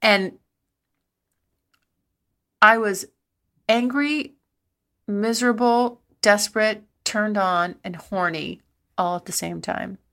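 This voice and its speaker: This middle-aged podcast host speaks slowly with frequent pauses, her mid-range voice fairly bright in tone. She shares candid personal stories, rambling breathlessly and laughing a lot.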